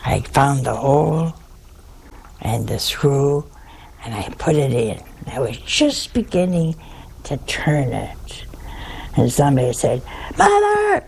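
An older nun spins a homespun, humorous story, taking her time and chuckling at her own tale. Her voice is gravelly and she speaks slowly, drawing each phrase out. A faint room ambience sits underneath. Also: extremely low pitch, expressive, a little mellow, slight background noise, rough recording. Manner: folksy, chuckling, drawn-out telling with pauses. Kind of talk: humorous personal storytelling talk.

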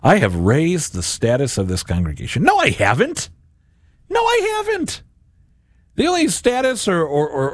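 This Catholic radio and podcast host has a medium-pitched voice, captured in a dry, studio-quality recording. Offering a reflection much like a homily, he stays animated and performs imagined voices.

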